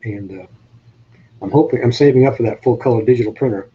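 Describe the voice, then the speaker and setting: A man's voice: medium pitch, fast, narrow, tinny audio, a little hiss or hum. A man with a New England accent hosting a casual live-stream chat, easygoing and plain-spoken. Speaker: host.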